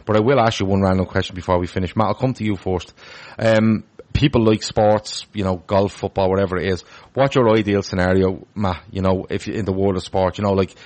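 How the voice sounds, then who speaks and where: A man's voice: low voice, steady tone, fairly quick, a little mellow. A man hosting a casual football podcast, chatty and full of restarts as he reads out viewer comments. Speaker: podcast host.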